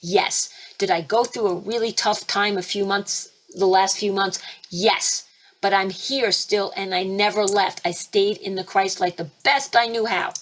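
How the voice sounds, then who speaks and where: A woman spiritual teacher hosting a webinar, talking emphatically and fervently, with sudden leaps in pitch and loudness. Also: fairly even intonation, measured pace. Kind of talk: impassioned preaching webinar talk. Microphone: computer mic for a webinar.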